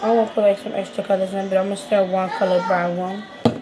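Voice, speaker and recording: A woman's voice: medium pitch, level tone, quick pace, noisy background. Chatty woman with a DC accent. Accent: Washington DC. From Washington DC. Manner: slangy, rambling, talks straight to viewers. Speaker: vlogger. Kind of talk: casual how-to chat.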